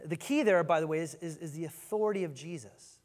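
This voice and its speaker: Brisk and energetic, a pastor's sermon echoes with the long reverb of a large sanctuary. His somewhat high male voice stumbles and repeats words in frequent restarts as he works up his points.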